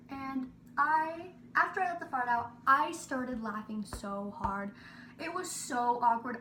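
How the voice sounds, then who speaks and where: High-voiced young woman telling a story. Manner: animated, breathless storytelling with many "like" fillers. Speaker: vlogger. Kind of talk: storytelling vlog. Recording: roomy, a little distant from the mic, faint hiss.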